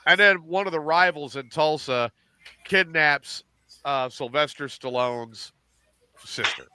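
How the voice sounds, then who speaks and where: A middle-aged man hosting a casual podcast, animated and profane, acting out lines as he recaps TV shows. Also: on the high side, slow pace, slight background noise. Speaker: podcast host.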